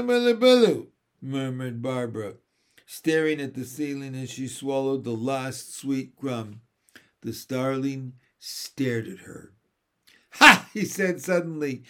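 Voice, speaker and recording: A man reading a children's story aloud in a gentle, measured narration. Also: medium pitch. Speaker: reader.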